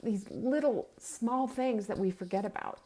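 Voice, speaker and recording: A woman's voice: mid-range voice, measured pace, warm tone. Woman, middle-aged, host, heartfelt live pep talk, earnest, urging, tearful. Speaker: meal-planning host.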